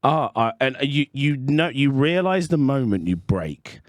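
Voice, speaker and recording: A man's voice: medium pitch, expressive, a little slow, no echo, clean studio sound. A man co-hosting a podcast, telling rambling personal stories in casual chat. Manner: chatty, rambling storyteller with restarts. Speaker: podcast co-host.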